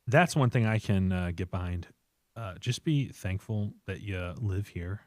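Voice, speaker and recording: A man's voice: low-pitched, measured pace, darkish tone, no room sound, studio quality. A man co-hosting a podcast, joking and asking questions in easygoing banter. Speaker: podcast co-host. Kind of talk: casual chat.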